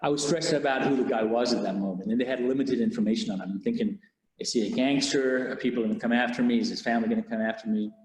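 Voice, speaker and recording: Man, police officer, candid halting storyteller, roomy echo, long reverb tail. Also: mid-range voice, a little mellow. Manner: candid, halting, with many restarts. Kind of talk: personal story in an interview. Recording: echoey room with long reverb.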